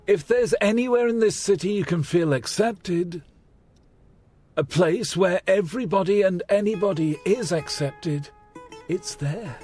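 A kindly husky older man. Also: high-pitched, heavily acted. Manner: warm, welcoming, fatherly.

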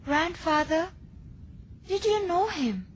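A soft, eager little girl. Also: very high voice, expressive, slow pace, a little hiss or hum, exaggerated voice. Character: young girl, curious and hopeful. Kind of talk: dubbed film acting.

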